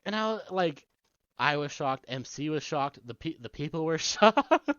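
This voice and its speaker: Co-hosting a casual podcast, this man rambles through a video game's story with lots of swearing and laughter. His voice sits a little high, with lively intonation, a measured pace, and a fairly bright tone. The dull lo-fi podcast mic picks up no room sound.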